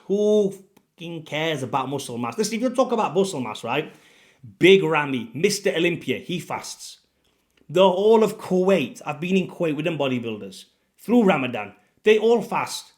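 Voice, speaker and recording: Casting: fitness coach, young man, fairly high voice, blunt and fired up, swings from mutters to outbursts. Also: very animated, normal speed. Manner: blunt, exasperated, swings between muttered asides and loud outbursts. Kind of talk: impassioned rant to camera.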